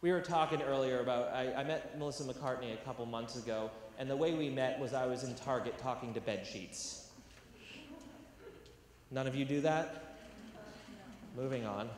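With a medium pitch and a moderate pace, this young Californian pauses often as he addresses a crowd in a large university hall. The educational theatre speaker is earnest and emphatic, with touches of self-deprecating humor. He's recorded from a distance in an echoey space with faint noise.

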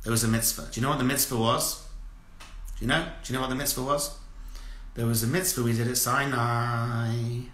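A man giving a lively lecture as a rabbi, asking the audience questions over and over and telling stories with energy. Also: mid-range voice, brisk, echoey room. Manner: asks repeated rhetorical questions, animated storytelling.

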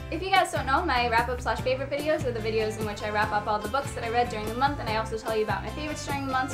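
A young woman vlogging a casual monthly book wrap-up, upbeat and gushing about what she read. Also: a little high. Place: home, Long Island.

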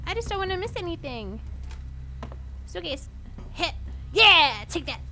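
A woman's voice: sits high, very animated, measured pace, long pauses, bright, forceful tone, a little hiss or hum. A woman streaming a horror game, giggling, talking to herself and to chat, and easily startled.

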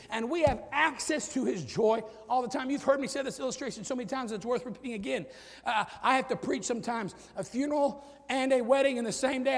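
A middle-aged male pastor preaching a sermon, swinging from loud shouted peaks to low quiet asides. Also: vocal fry, husky. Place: church sanctuary with long reverb. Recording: reverberant church hall.

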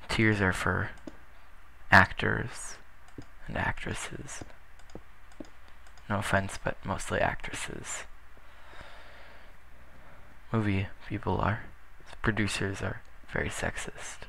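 A man's voice: lowish voice, flat delivery, slow, vocal fry, pauses often, sharp tone, a little hiss or hum. A young man casually commentating his gameplay, rambling with self-deprecating jokes. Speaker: gaming channel host. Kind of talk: casual Let's Play commentary.

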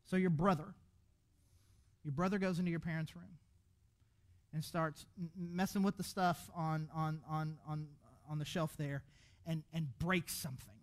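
A man preaching a sermon as pastor in a church, animated and conversational, restarting his words often. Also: on the high side, moderate pace. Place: church auditorium.

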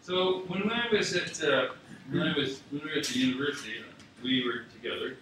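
A man from Scotland tells stories at a memorial with a storyteller's ease, chuckling often. His mid-pitched voice booms around a large, very echoey theatre. The mic is far away and audience noise hangs behind him. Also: brisk, pushed and bright. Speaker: speaker at a memorial. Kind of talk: anecdotal memorial speech. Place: university theatre. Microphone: distant mic.

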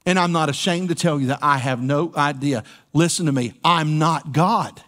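Man, pastor, sermon, folksy, playful asides, high voice. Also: moderate pace, fairly bright tone. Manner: folksy, playful preaching with call-and-response asides. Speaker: senior pastor. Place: church sanctuary.

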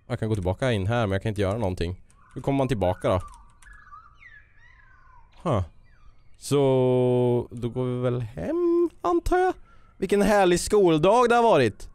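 A man commenting excitedly while playing a game and reading its text aloud. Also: mid-range voice, fairly quick. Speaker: let's play youtuber. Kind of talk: gaming commentary. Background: game music.

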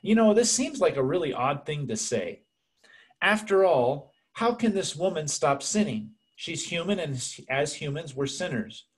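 A man's voice: fairly high pitch, animated, a little slow. A man preaching a sermon as pastor, earnest and conversational, speaking to the congregation as friends.

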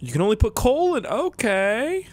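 A man's voice: sits high, wildly swooping pitch, normal speed. Chatty young Canadian man gaming. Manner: chatty, joking, self-mocking asides. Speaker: gaming YouTuber. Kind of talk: let's play commentary.

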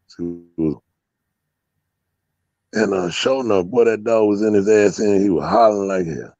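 A man's voice: fairly low pitch, sing-song, normal speed, creaky, pauses often, darkish tone, no room sound. A man telling rambling, profane stories as an interview guest, with many fillers and frequent laughs. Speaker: interview guest, dog breeder. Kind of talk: casual storytelling interview.

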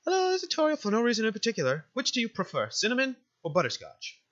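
Man voicing a tender goat mother figure from a video game, soft and formal, bright lively voice, dull lo-fi recording. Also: very high-pitched, fast, pitched above the performer's own voice, exaggerated voice. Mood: doting. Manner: soft, formal, doting speech. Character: gentle motherly female goat monster caretaker. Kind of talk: reading game dialogue aloud.

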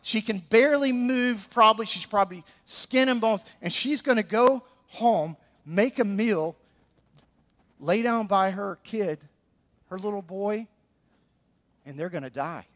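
A little slow and high-pitched, this pastor preaches his sermon in an Alabama Southern accent, keeping it animated with playful asides to the congregation.

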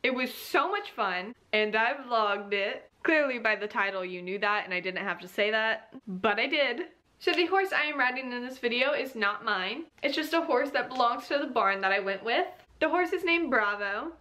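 Bright high-voiced woman vlogger. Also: lively intonation, normal speed, hardly any pauses. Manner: chatty, self-mocking asides. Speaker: equestrian vlogger. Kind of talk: casual vlog intro to camera.

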